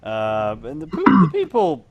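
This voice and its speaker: A man's voice: fairly high pitch, wildly swooping pitch, a little slow, highs cut off. A young man co-hosting a casual podcast chat over a video call, easygoing and often restarting his words. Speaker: podcast co-host.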